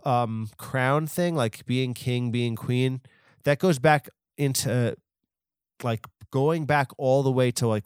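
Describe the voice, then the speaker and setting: A man hosting a comedy podcast, rambling through absurd asides in a deadpan manner. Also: medium pitch, clear, resonant tone, dry recording, clean studio sound. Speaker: podcast host.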